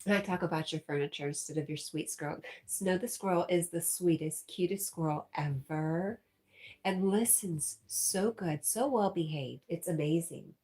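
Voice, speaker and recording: A woman hosts a casual livestream, giggling as she reads out viewer comments and chat messages and laughing often. Her voice sits on the low side, a little mellow, at a normal speed.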